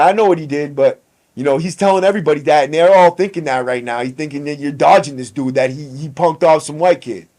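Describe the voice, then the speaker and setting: A man's voice: on the high side, a little mellow. A man hosting a podcast, casually telling a prison story in a profane, streetwise way and acting out the people he quotes.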